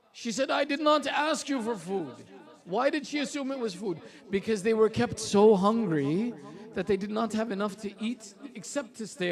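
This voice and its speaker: A male preacher reciting a mournful, elegiac sermon that swells into impassioned cries. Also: extremely high pitch.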